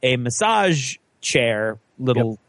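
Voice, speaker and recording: A man's voice: mid-range voice, slow pace, no room sound. A man co-hosting a podcast, telling a story in casual chat and acting out what others said, laughing as he goes. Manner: animated, acts out quotes with laughs. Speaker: podcast co-host.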